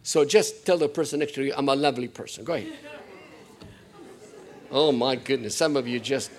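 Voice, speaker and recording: A man preaching a sermon to his congregation, animated, joking with them and rising to loud, emphatic peaks. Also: mid-range voice, moderate pace. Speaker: pastor.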